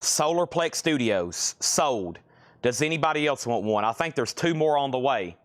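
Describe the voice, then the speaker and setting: A man's voice: mid-range voice, expressive, normal speed. Casual man calling a live record auction. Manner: repeats item names and bids, casual and rambling. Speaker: live sale host. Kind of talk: live-stream auction selling.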